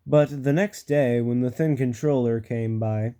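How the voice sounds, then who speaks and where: A man's voice: medium pitch, unhurried, warm tone, smooth. A man reading a children's storybook aloud, casual, with joking asides and small stumbles. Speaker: storybook reader.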